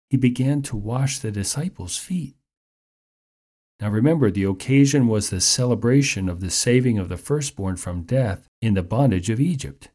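A man preaching a sermon in a measured, explanatory teaching manner. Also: fairly low pitch, a little mellow.

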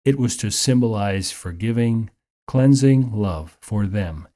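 A man preaching a sermon in a measured, explanatory teaching manner. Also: lowish voice, warm tone.

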